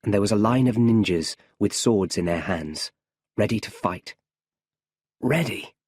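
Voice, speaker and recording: A man's voice: lowish voice, normal speed, a little mellow, husky, no room sound. A man reading a story aloud for English learners, in a careful storybook manner. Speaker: audiobook narrator. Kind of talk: slow scripted narration for English learners.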